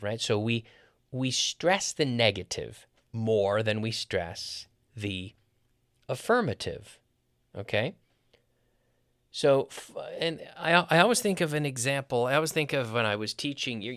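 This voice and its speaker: A man's voice: medium pitch, fairly bright tone, no echo, clean studio sound. A man teaching a lesson on a podcast, explaining with repeated spoken examples and rhythm drills. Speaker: English teacher.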